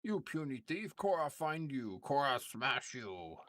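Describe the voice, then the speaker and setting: A man voicing a huge, dim, angry male ogre who speaks slowly in broken grammar and calls himself by name. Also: medium pitch, sing-song, a bit bright, no echo, voice pushed up. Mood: threatening. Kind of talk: reading game dialogue aloud in voices.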